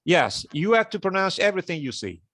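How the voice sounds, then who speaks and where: A man's voice: high-pitched, big pitch swings, brisk, fairly bright tone, no room sound. A man with an Italian accent, talking in a casual online meeting, hesitant with many fillers and restarts. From Italy.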